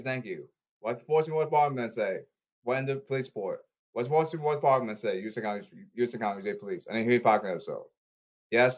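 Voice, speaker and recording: A man in a rambling monologue, repeating commands and calls, with loud bursts and sudden drops in volume. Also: medium pitch, highs cut off. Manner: repetitive, issuing commands and calls.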